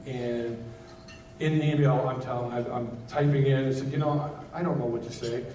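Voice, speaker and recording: A man tells his own story from the stage, stopping and restarting as he searches for words. His voice is mellow and unforced. It reaches the mic from a distance, with the echo of a large hall and a faint rumble underneath. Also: fairly even intonation. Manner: halting, candid, many restarts. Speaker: keynote speaker. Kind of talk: personal testimony speech. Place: gala event hall.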